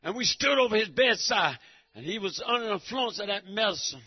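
A man giving a preaching testimony in church, emphatic and repetitive, breaking into shouts. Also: sits high, animated, brisk, breathy edge. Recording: dull lo-fi recording.

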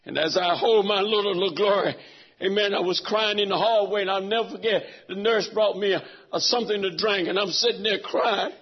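A high-pitched, husky man preaching with raw feeling, his voice falling low and then breaking into shouts. The recording is dull and lo-fi, and he sounds middle-aged. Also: steady tone, a little fast. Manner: emotional storytelling, swings from hushed to shouting. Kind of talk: sermon.

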